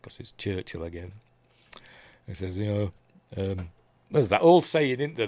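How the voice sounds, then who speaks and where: Hoarse Yorkshire man rambling live. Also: lowish voice, very animated, a little slow, long pauses, a little mellow. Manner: rambling, hesitant, many ums and asides. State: voice going hoarse, coughing. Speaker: streamer reviewing TV episodes. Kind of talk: live casual episode recap.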